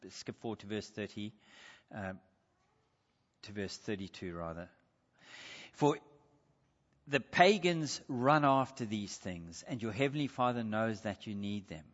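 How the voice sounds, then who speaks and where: With a lowish, fairly bright voice at normal speed, this preacher earnestly delivers a sermon, reading scripture aloud and putting rhetorical questions to his audience. The recording sounds dull, with a long reverb from the hall.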